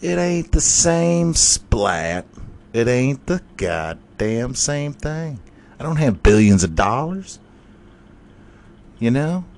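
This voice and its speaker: A man's voice: very animated, takes it slowly, vocal fry, darkish tone, heavily acted. A man putting on Eugene, a whiny outraged sports fan. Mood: defensive. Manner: indignant, swearing, high-pitched whine.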